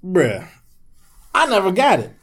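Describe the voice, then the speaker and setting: A man's voice: high voice, a little slow. A man from the Washington DC and Maryland area, chatting casually on a podcast and telling stories with jokes, swearing and laughter. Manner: joking, animated storytelling with swearing and laughter. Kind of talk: casual chat.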